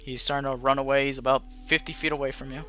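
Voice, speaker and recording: A man's voice: mid-range voice, level tone, quick pace, bright, forceful tone, faint music behind. A man narrating as game master of a tabletop game, casual and rambling, with frequent swearing.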